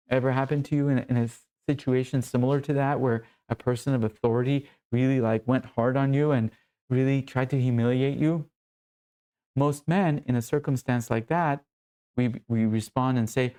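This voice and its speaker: A man's voice: mid-range voice, steady tone, normal speed, dark tone. A man coaching other men, talking earnestly and with emphasis in short phrases. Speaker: men's coach. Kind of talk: motivational teaching talk.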